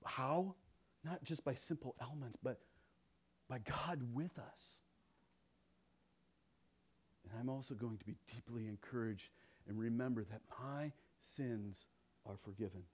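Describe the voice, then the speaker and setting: A pastor preaching a sermon, swinging between loud emphasis and hushed intensity, and telling stories with playful quoted dialogue. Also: male voice, mid-range voice, a little slow, pauses often.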